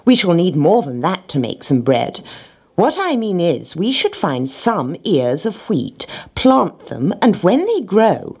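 A fussy little hen from a storybook, pitched up and full of purpose, as a woman puts her on, with a husky edge and lively, bouncing intonation. She lays out her plans earnestly and bossily. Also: takes it slowly, exaggerated voice. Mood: insistent. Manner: earnest, persuasive, bossy. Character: fussy, determined hen, female, small.

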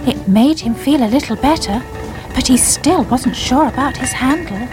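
A woman narrating a children's storybook in a gentle, expressive way, with music behind. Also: high-pitched, normal speed.

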